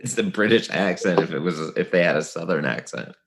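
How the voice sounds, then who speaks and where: A man's voice: low-pitched, fairly quick, creaky. A man hosting a comedy podcast, dropping dry, wry remarks in casual banter.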